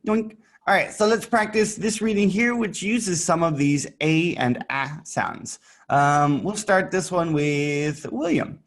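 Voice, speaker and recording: A man's voice: fairly high pitch, expressive, measured pace. A man teaching a child English in an online lesson, patient and playful, repeating words for the child to echo and adding little sound effects. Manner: playful, adds sound effects while showing pictures.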